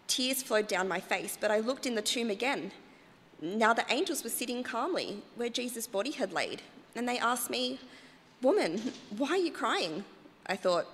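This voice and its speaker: A woman's voice: fairly high pitch, a bit bright. A woman voicing an earnest, emotional woman disciple in a first-person monologue, recorded in a church. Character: grieving then joyful woman disciple, earnest. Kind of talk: dramatic monologue reading in church. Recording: church hall reverb.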